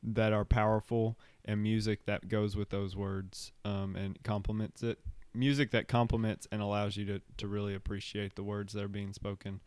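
Smooth-voiced man. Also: lowish voice, no room sound. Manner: relaxed, laughs often, halting with fillers. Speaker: podcast co-host. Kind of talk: casual chat.

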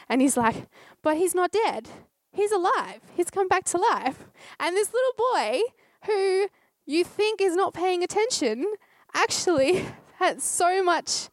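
Woman preacher, high voice, dry close recording, heartfelt storytelling. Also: dry recording. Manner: heartfelt storytelling with quoted dialogue. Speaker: speaker giving a short sermon. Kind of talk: sermon.

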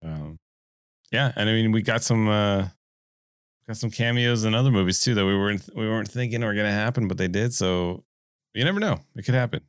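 A man's voice: lowish voice, brisk, clean tone, no room sound, clean studio sound. A man co-hosting a podcast, chatting casually in an easygoing way with fillers. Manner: easygoing, fillers, says dude. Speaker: podcast co-host. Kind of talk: casual chat.

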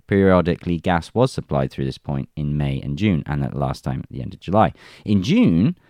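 A man's voice: extremely low pitch, big pitch swings, brisk, a little mellow, dry recording, studio quality. A man reading news reports aloud and adding wry, chuckling remarks in casual commentary. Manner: reads reports then jokes and chuckles.

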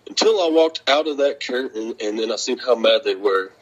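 A man's voice: mid-range voice, moderate pace, husky, highs cut off. A man telling wrestling stories in a casual interview, swearing freely and laughing often as he talks. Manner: profane, laughing, animated storytelling.

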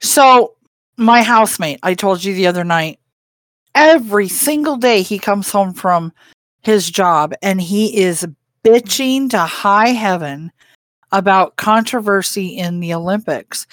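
A woman's voice: mid-range voice, expressive, a little slow, fairly bright tone, no echo, studio quality. A woman co-hosting a podcast in casual chat, rambling with lots of hesitant fillers. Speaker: podcast co-host.

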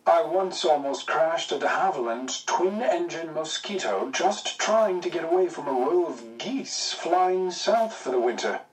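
A man voicing a cheerful young wartime pilot, brisk and teasing in his dry wit. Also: on the high side, expressive, recorded from a distance, poor audio. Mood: wry. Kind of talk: audiobook character voice.

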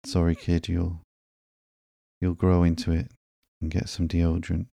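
A man voicing a blunt, teasing female antihero in a slow, sleepy comic reading, in his own low, creaky voice. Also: monotone, mellow, no echo, studio quality. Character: blunt joking adult woman antihero.

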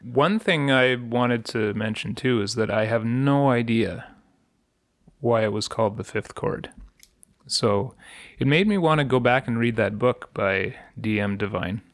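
A man's voice: fairly low pitch, no room sound, studio quality. A man co-hosting a casual podcast who talks in an easygoing way and throws in quips. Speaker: podcast co-host.

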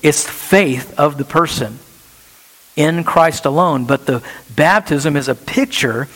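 A man preaching a sermon as pastor, animated and full of rhetorical questions, recorded in a church sanctuary. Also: fairly high pitch, slow. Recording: long reverb of a church hall.

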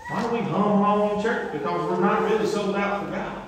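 A man preaching in a church, swinging from low pleading to loud exhortation. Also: fairly quick, background noise. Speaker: pastor. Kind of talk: sermon. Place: church sanctuary. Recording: echoey hall, mic from far off.

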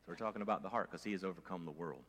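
A male pastor preaching a conversational sermon, moving from loud emphasis to quiet asides, with fillers and restarts. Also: low-pitched, racing. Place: church sanctuary. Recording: long church hall reverb.

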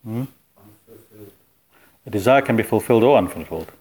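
A man with a lowish voice leads a relaxed philosophy class. He talks conversationally and keeps putting questions to his students. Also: moderate pace, breathy edge. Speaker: spiritual teacher. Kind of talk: informal philosophy class talk.

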